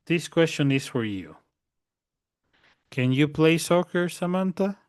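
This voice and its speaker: A man's voice: fairly high pitch, lively intonation, a little slow, dry recording, studio quality. A man teaching a language class online. He repeats each point patiently and keeps checking that his students understand.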